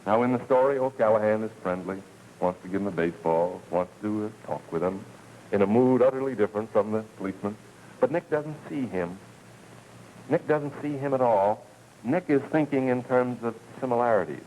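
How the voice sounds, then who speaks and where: A man giving a televised lecture as a professor, speaking in an earnest, deliberate way with emphatic repetition. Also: on the low side, mellow, a little hiss or hum, low-quality recording. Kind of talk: televised lecture with story reading.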